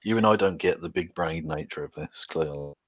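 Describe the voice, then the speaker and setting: A man's voice: a bass voice, fairly quick. A man co-hosting a podcast, chatting sarcastically about a video and swearing a lot. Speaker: podcast co-host. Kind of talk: casual chat reacting to a video.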